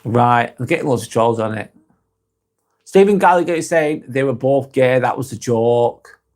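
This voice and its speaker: A man's voice: medium pitch, moderate pace, a little mellow. A man with a British accent hosting a casual live stream, reading out viewer comments and answering them bluntly, swearing freely and often laughing.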